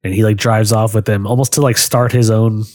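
A man in a casual chat, relaxed and full of filler words. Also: on the low side, brisk, no echo, clean studio sound. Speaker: podcast co-host.

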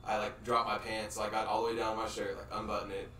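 Male comic, low pitch, rambling storyteller, roomy and slightly distant. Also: monotone, fast talker, sharp tone, slight background noise. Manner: laid-back, rambling, chuckles through stories. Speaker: stand-up comedian and podcast co-host. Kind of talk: casual storytelling chat. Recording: echoey room, mic at a distance.

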